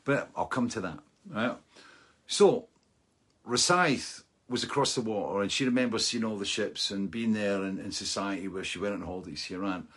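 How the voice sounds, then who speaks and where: A middle-aged man tells a story casually, in a low voice with a husky edge. He talks animatedly and breaks into laughter often. He restarts phrases and lets lines trail off as he goes. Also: moderate pace, a bit bright.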